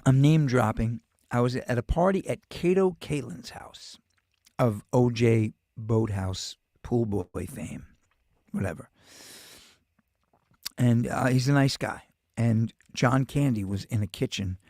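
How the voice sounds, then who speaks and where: A man's voice: mid-range voice, slow, darkish tone, no echo, clean studio sound. A male show host with a New York accent, rambling through a profane, casual monologue full of restarts.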